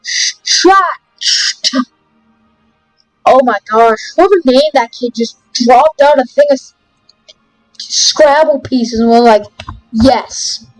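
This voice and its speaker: A woman's voice: high-pitched, measured pace, darkish tone, no room sound, faint music behind, rough recording. A woman hosting a let's play video, reading game text aloud and breaking off for jokey asides. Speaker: gaming video host.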